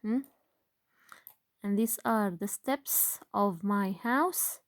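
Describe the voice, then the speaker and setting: A woman guides young children through a phonics lesson at a very slow, patient pace. She fills pauses with "uh" and "um" and keeps asking questions back to the class. The recording is close and dry. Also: medium pitch, no echo. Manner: slow, patient, with frequent fillers and rhetorical questions. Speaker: grade one teacher.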